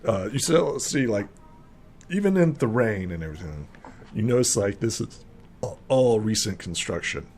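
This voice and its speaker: A man's voice: on the low side, lively intonation, moderate pace, a little mellow, a little hiss or hum. A young man narrating as game master in a tabletop game, rambling with many fillers.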